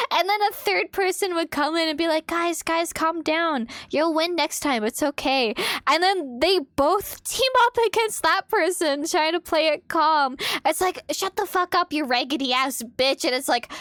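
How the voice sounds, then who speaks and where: Young woman streamer, high voice, casual and profane, dry close mic. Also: dry recording. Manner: animated, swearing, laughing. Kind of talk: casual chat while drawing. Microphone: desk microphone.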